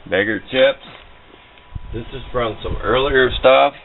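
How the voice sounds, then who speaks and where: A man's voice: mid-range voice, slow pace, creaky. A man casually demonstrating how he sharpens a chain by hand, talking in a folksy, plain-spoken, instructive way. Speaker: DIY video maker. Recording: tinny lo-fi camera audio with faint noise.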